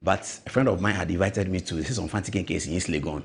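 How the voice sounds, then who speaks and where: A man's voice: low voice, fast talker, creaky, husky. A middle-aged Ghanaian man hosting a show, telling stories with heavy emphasis and acting out the voices of other people. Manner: storytelling, acts out voices, emphatic. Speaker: show host. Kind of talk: animated political commentary.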